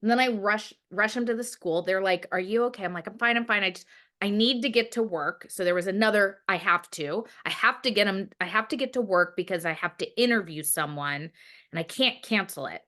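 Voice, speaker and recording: Chatty storytelling woman, lower voice. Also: sharp tone. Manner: rambling, many fillers, acts out her own past words. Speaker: guest. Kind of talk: casual storytelling.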